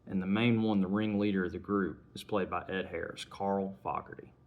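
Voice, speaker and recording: A man's voice: sits low, fairly even intonation, normal speed, highs cut off. A man giving a casual spoken film review, retelling scenes in a conversational way. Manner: retells scenes conversationally, acting out lines in passing.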